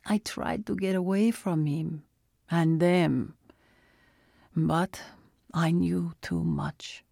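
A man's voice: fairly high pitch, fairly even intonation, slow pace, vocal fry, darkish tone, dry recording, studio quality, exaggerated voice. A woman voicing the spirit of a man's dead father with a Russian accent, who speaks in clipped phrases that drop small words. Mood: tender. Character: father's spirit from paradise, earnest Russian man. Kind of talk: storybook narration.

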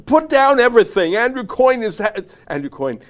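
A breathless fan voice, pitched far up and pushed loud, gushing and squealing as if the stream were the event of the year, as a man puts him on. The delivery is hyped and frantic, with the words piling over each other. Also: very animated, fairly quick. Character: gushing overexcited male livestream fan.

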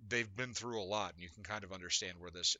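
A man co-hosting a podcast, casually picking apart a cartoon, talking animatedly with constant "like" and quick laughs. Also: sits low, bright, forceful tone. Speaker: podcast co-host. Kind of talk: casual chat analyzing a cartoon.

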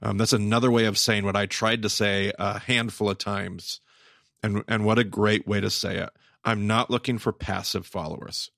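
A man co-hosting a podcast in casual chat, animated and quick to exclaim. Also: lowish voice, vocal fry, dry recording, studio quality. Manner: animated, exclaims, quotes himself. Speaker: podcast co-host and teacher.

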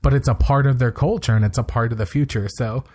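A man's voice: medium pitch, fast talker, darkish tone. A man co-hosting a podcast, casually recapping a TV episode and retelling scenes with quoted lines and plenty of fillers. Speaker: podcast co-host.

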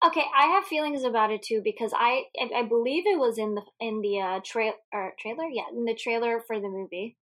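A woman's voice: on the high side, a little fast, hardly any pauses, fairly bright tone. A woman co-hosting a podcast, chatting casually about a movie, laughing often and swearing freely. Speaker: podcast co-host. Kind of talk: casual movie recap chat.

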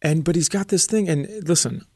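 A man's voice: fairly high pitch, a little fast, vocal fry, a little mellow, dry recording, studio quality. A man co-hosting a casual podcast chat, blunt and profane, telling stories and mocking people. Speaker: podcast co-host.

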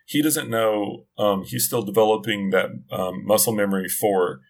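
A man's voice: on the low side, fairly even intonation, normal speed, vocal fry. Rambling middle-aged man telling a story. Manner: rambling, self-interrupting storyteller. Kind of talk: casual chat.

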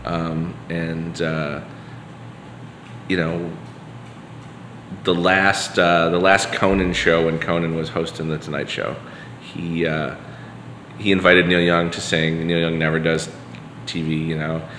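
He speaks slowly and flatly in a low, fairly bright voice, leaving long pauses as a podcast guest. His casual storytelling wanders, packed with fillers and restarts. Long reverb and a faint hiss fill the echoey room.

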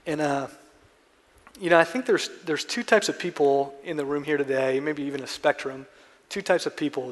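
A man's voice: medium pitch, long reverb tail. A man preaching a sermon in a church, with an earnest, conversational manner of telling stories. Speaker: pastor.

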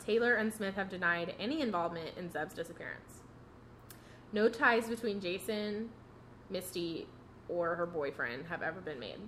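A woman's voice: lowish voice, expressive, normal speed, a bit bright, a little hiss or hum. A young woman hosting a podcast, telling a true crime case in a loose, chatty way with lots of fillers and frequent laughs. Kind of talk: casual chat, storytelling.

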